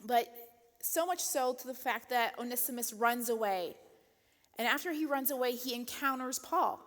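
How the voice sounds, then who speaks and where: Woman giving a chatty church talk, bit higher voice, laughs a lot, long echo in a big room. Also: moderate pace, fairly bright tone. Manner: chatty, laughs often, many "um" and "like". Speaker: church speaker. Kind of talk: casual sermon talk. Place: church auditorium. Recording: long hall reverb.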